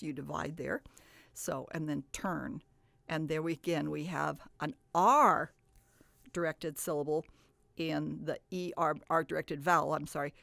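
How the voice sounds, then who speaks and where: A woman's voice: deep voice, vocal fry, no echo. A woman teaching reading, who explains patiently and stretches out words to model the sounds. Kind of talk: instructional talk.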